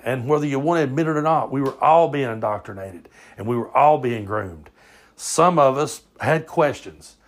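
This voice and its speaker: A man with a Southern US accent hosting an amateur podcast, talking loosely and swearing freely as he records on his phone. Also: mid-range voice. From southern United States. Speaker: podcast host. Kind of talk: casual podcast monologue.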